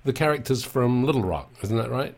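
A man's voice: mid-range voice, lively intonation, fairly quick, gravelly, a little mellow. Chatty male interviewer with friendly compliments. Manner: chatty, complimentary, stumbles on restarts. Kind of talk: interview questions.

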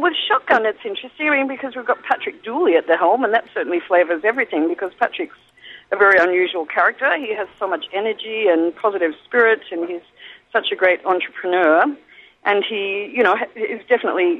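An Australian woman talks over a thin, phone-like line, chatty and loose, full of ums and restarts. Her pitch sits in an ordinary middle range, and she speaks as an interview guest calling in from an airport. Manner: chatty, thinks aloud with frequent ums and restarts. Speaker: guest actor. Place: airport waiting area.

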